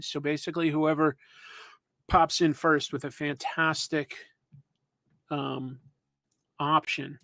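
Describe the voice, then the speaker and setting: Man, comics show host, casual rambling chat, self-deprecating, high voice, dry sound. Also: fairly bright tone, no room sound. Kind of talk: casual live-stream chat.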